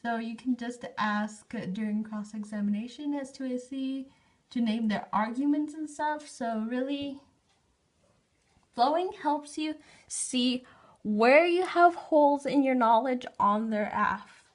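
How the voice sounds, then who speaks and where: A teenage girl giving casual, halting advice on debate note-taking, with informal slang and frequent restarts. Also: high-pitched. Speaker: student debater giving tips. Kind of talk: casual unscripted how-to talk.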